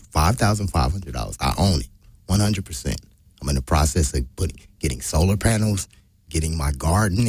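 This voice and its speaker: A man's voice: rumbling low, breathy edge, dry recording. A man in a casual group discussion who argues his point firmly and assertively, repeating his claims. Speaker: discussion participant.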